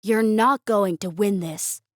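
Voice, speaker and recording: A woman voicing a steady young human student. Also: moderate pace, no room sound, clean studio sound, lightly acted. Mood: determined. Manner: low, steady, through gritted teeth.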